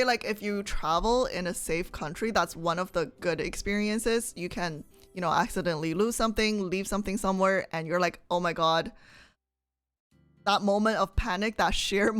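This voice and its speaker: A young woman streams and chats casually, reading out her viewers' comments and answering them. She laughs often and keeps turning to her audience with questions. Her pitch sits in an ordinary middle range. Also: moderate pace, hardly any pauses, soft background music.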